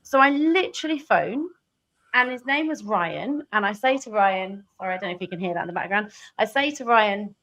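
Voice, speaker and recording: A woman hosting an interview, chatty and lively when telling her own anecdotes. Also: medium pitch, brisk, poor audio. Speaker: interview host. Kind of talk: casual interview chat.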